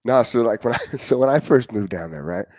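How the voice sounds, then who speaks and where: A man's voice: mid-range voice, expressive, a little fast, darkish tone, no echo. A young man hosting a casual chat, telling upbeat stories in a laid-back way, on a dry close mic.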